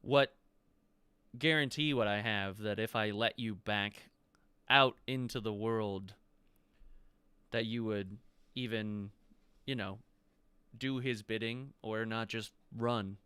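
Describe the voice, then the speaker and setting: A man's voice: lowish voice, slow pace, pauses often, sharp tone, smooth, no room sound. A man acting as game master, voicing a proud, menacing male emerald dragon that speaks in a condescending, coolly threatening way.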